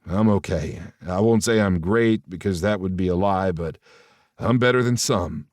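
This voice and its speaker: A gravelly, wry man, as a male narrator voices him speaks low and plainly. His tone is dry and a little rueful. The recording is close with no room echo. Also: normal speed, darkish tone, close to an everyday voice.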